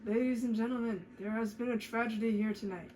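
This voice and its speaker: A woman's voice: fairly high pitch, steady tone, brisk, darkish tone, a little hiss or hum, natural voice, rough recording. A woman voicing a smug, needling man with a drunken slur as she reads a mystery game aloud. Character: smug tipsy-sounding man, needling host.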